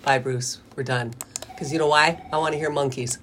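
A woman's voice: low voice, steady tone, normal speed, fairly bright tone, slight background noise. A middle-aged woman hosting a radio call-in show, chatty and rambling, laughing often. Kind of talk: casual radio chat. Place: radio studio.

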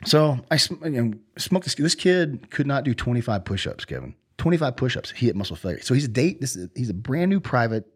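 A man's voice: medium pitch, sing-song, a little fast, hardly any pauses, slightly rough. A middle-aged man, a former Army sergeant, telling stories in a casual interview, rambling with many fillers and restarts.

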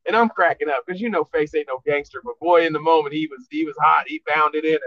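A man's voice: a little high, fast, no room sound. A man, a podcast guest, telling a rambling, profane story in casual chat. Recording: dull lo-fi dry sound.

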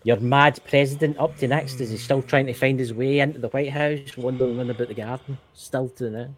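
A Scottish man co-hosting a casual podcast chat, animated and swearing, repeating himself when worked up. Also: mid-range voice, fairly quick. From Scotland. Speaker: co-host.

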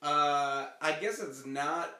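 A man's voice: on the high side, slow, bright, forceful tone, echoey room. A man co-hosting a casual chat podcast, making laid-back remarks. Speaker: podcast co-host.

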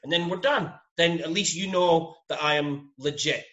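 A man's voice: on the high side, moderate pace, fairly bright tone. A man with a Scottish accent, a podcast guest bantering in a jokey, self-mocking way. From Scotland. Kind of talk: casual chat. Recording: dull lo-fi remote audio.

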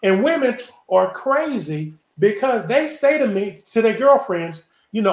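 A man's voice: high voice, sing-song, unhurried, hardly any pauses, roomy sound. A man in his forties hosting a casual group chat about relationships, emphatic and preachy, acting out quoted dialogue as he makes his point. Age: 40s. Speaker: podcast host.

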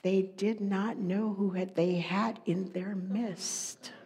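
A middle-aged woman preaching a sermon, moving between hushed whispers and loud, emphatic passages. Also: medium pitch, fairly even intonation, slow pace. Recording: long echoey hall reverb.

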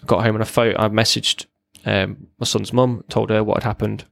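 A man's voice: on the low side, little pitch movement, moderate pace, gravelly, a bit bright, dry recording. A man, a military veteran, giving a raw, blunt personal account as a podcast guest, swearing freely and often restarting his sentences.

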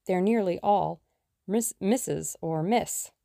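A woman's voice: fairly low pitch, gravelly, dark tone, dry recording, studio quality. Tuppence, as a woman reads an eager young sleuth. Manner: brisk, eager and plucky. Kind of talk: audiobook character reading.

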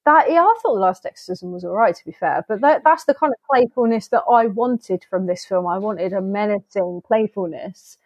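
A woman co-hosting a podcast in casual, animated chat, keen to act out what others said. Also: medium pitch, normal speed, few pauses, no echo, dull audio. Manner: animated, chatty, acts out quoted lines. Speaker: film review podcast co-host.

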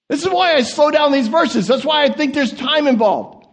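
A man with a high voice preaches an animated sermon, telling the story with jokes and asides. He drops into quiet mutters, then climbs to excited peaks. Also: moderate pace.

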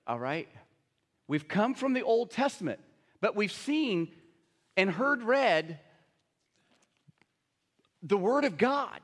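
A man preaching in a church hall, his voice sitting high and trailing off in a long reverb. He moves between reading scripture aloud and chatting directly with the congregation, often asking them whether they follow. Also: big pitch swings, slow, long pauses. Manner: conversational, addresses congregation with tag questions.

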